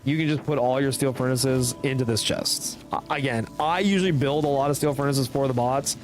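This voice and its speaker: Speaking a little fast in a mid-range voice, this young Canadian streamer narrates his speedrun live. It's casual, explanatory commentary, with him thinking out loud as he plays through the game guide.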